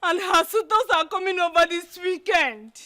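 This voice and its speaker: A woman's voice: very high voice, normal speed, pushed and bright. An actress playing a worried woman of the household who laments and frets. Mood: fretful. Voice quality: fretful, lamenting. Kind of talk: film comedy acting. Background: film score music.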